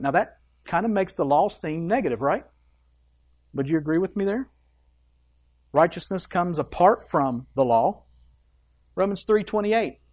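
In this sermon, a pastor reads verses aloud and presses each point with emphasis, tossing in quick offhand asides that interrupt the reading. His punchy, animated delivery comes in a mid-range voice with a darkish, breathy tone.

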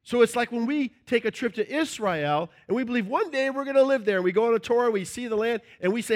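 A middle-aged man preaching a sermon as a pastor, animated and playful, acting out little scenes with shouts and joking voices. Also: very high-pitched, fast talker, hardly any pauses.

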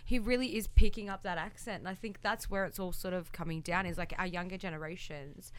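A woman's voice: on the low side, fairly even intonation, a little fast. A woman giving her earnest opinions in a casual podcast chat.

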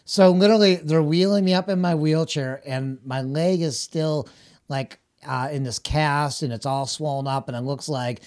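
A man's voice: fairly high pitch, steady tone, normal speed, a little mellow. A middle-aged man chatting casually as a guest, telling rambling stories with laughs and acted-out quoted voices. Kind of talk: casual storytelling chat.

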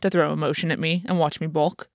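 Stoic male fae noble, measured and formal, very dry sound as a woman reads him. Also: low voice, level tone, dry recording. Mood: cold, defensive. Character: proud, weary male fae lord, reserved.

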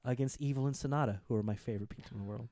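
A man co-hosting a casual wrestling podcast, excitable and rambling, with jokey asides. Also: medium pitch, very fast, dry recording, clean studio sound. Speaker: podcast co-host.

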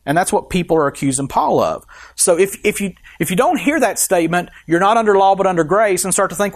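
A man's voice: high-pitched, expressive, fast. Emphatic male pastor preaching. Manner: emphatic, asks the congregation questions. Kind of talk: sermon.

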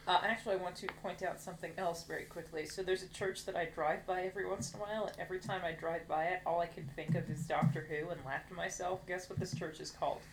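A woman with a fairly low voice, talking at a brisk clip in a relaxed podcast conversation. A faint hiss of noise sits behind her. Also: rough recording. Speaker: podcast co-host. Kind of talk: casual chat.

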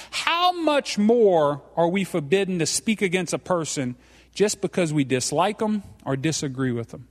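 High-voiced Cajun pastor in a reverberant church. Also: male voice. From South Louisiana. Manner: folksy and joking, tags lines with "okay?". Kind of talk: live sermon. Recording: reverberant hall.

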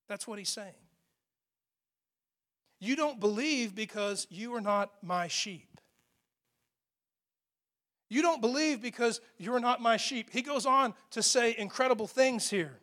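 A pastor preaching a sermon in a church, speaking in a conversational, emphatic way with asides to the congregation. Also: male voice, very high-pitched, expressive, measured pace, pauses often, a bit bright. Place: church sanctuary.

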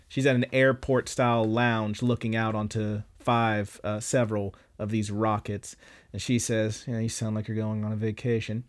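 A man's voice: fairly low pitch, little pitch movement, normal speed. Casual man recapping an anime. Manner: loose and profane, many fillers. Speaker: podcast host.

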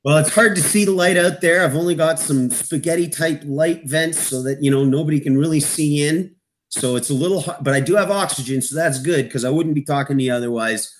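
A man from Eastern Canada, co-hosting a hockey podcast as the analyst, jokey and excitable. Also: a little fast, a little hiss or hum. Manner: excitable, jokey, jumps in pitch when amazed. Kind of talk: sports podcast chat.

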